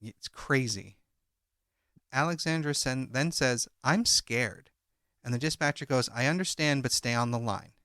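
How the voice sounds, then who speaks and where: Bright-voiced man retelling a story. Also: mid-range voice, moderate pace, clean tone, no room sound, clean studio sound. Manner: recounts a transcript, reading out each speaker's lines in turn. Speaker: podcast co-host. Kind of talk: true crime podcast retelling.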